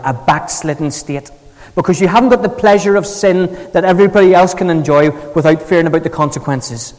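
A preacher delivers a lively sermon in a storytelling way. His voice sits fairly high. It carries a long reverb through a large hall.

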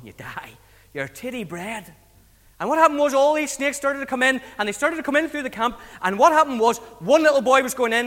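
A man preaching a storytelling sermon to children, colloquial and lively, asking the audience questions as he goes. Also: sits high. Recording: long hall reverb.

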